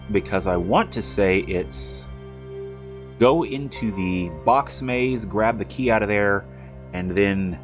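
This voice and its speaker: A man streaming a video game, chatting casually with rambling, jokey asides as he plays. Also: on the low side. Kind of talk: casual live-stream commentary.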